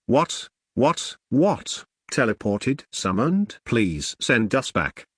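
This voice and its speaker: A man voicing a panicked young woman summoned to another world, firing off rapid repeated questions. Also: mid-range voice, big pitch swings, breathy edge, dry recording, clean studio sound, full character voice. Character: panicked young woman hero pleading to go home.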